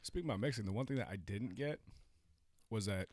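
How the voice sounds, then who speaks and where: Low-voiced young man, relaxed chat. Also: a little fast, no room sound, studio quality. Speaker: podcast co-host. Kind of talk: casual chat.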